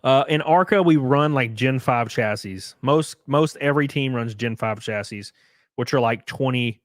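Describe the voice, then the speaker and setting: A man's voice: mid-range voice, moderate pace, dry recording, clean studio sound. Loose, profane male streamer. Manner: loose and profane, effusively thanking viewers. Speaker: streamer and race car driver. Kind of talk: casual livestream chat reading viewer comments.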